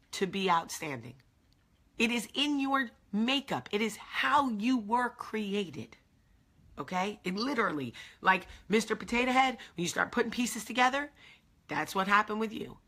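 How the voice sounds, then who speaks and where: A woman's voice: medium pitch, lively intonation, moderate pace, bright, forceful tone, slightly rough. A woman hosting a motivational coffee-talk livestream, emphatic and affectionate, repeating her key phrases to viewers. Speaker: live video host.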